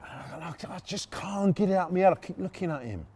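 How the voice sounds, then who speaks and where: Middle-aged man, podcast storyteller, swings pitch all over, slightly high voice, sweary. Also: a little fast, slightly rough. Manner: animated, sweary, self-mocking. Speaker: podcast host. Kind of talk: storytelling monologue.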